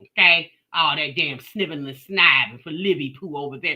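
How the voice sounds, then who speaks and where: A woman hosts a reaction live stream with a sassy, animated delivery. Her voice has a very bright, forceful edge, and her pitch swings widely as she talks straight to her chat. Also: moderate pace. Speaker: live-stream commentary host.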